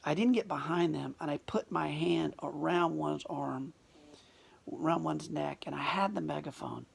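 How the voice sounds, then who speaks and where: Earnest in a personal monologue, a man often drops to a whisper and restarts his sentences, repeating words. His husky voice is on the high side, with vocal fry, at a moderate pace.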